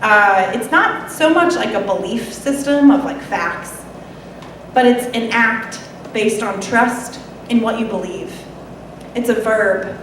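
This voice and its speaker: A woman's voice: a little high, slow pace, a bit bright, slight background noise. A woman delivering a sermon in a conversational way, with wry asides. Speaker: preacher. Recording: echoey hall, mic far off.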